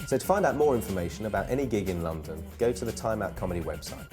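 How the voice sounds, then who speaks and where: A man's voice: on the low side, expressive, quick pace, loud music behind the voice. A man hosting a comedy gig guide in a playful, self-mocking way, wandering off into rambling asides. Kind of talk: jokey scripted presenting.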